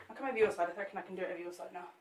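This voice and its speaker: Speaking very fast in a lowish voice, a woman sculpts a cake live while chatting and joking with her viewers. She's recorded from a distance, off the mic, with a roomy echo.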